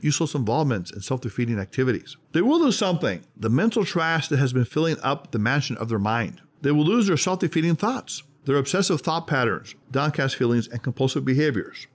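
A man hosting a self-help podcast, reading a script in an emphatic, measured way and slowing down on key words. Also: fairly high pitch.

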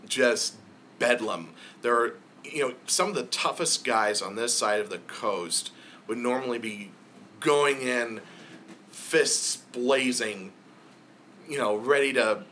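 Unhurried man running a tabletop game, clear bright voice. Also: medium pitch, a little hiss or hum. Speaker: game master.

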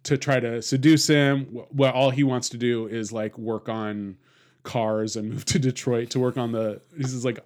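A man's voice: mid-range voice, steady tone, moderate pace, a little mellow. A man hosting a casual film discussion podcast, rambling with fillers and restarts and laughing often. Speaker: podcast host.

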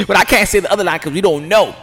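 A man giving casual, excited commentary outdoors, rambling and repeating himself with sudden loud outbursts. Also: sits high. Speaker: sports commentary vlogger.

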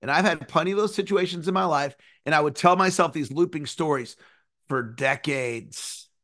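A man in his forties giving an earnest, animated motivational lesson, sometimes singing a phrase. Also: a little high, normal speed. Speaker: success coach. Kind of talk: motivational teaching talk.

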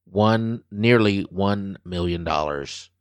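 A man in his forties hosting a casual show, reading odd news stories and bantering in an animated, exclaiming way. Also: low-pitched, slow, clean tone, dry recording. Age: 40s. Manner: animated, exclaiming, addressing viewers as guys. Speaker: show host.

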